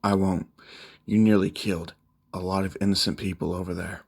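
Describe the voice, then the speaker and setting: A man's voice: low-pitched, steady tone, a little fast, vocal fry, darkish tone, husky, heavily acted. Bakugo, a man reading as a brash swearing young hero. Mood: pleading. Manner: blunt, swearing, confrontational. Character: brash foul-mouthed young male hero.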